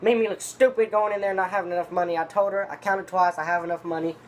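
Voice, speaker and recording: A man's voice: on the high side, little pitch movement, brisk, fairly bright tone, slight background noise, close to an everyday voice. A man imitating an angry acquaintance who complains heatedly about being short of money. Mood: indignant.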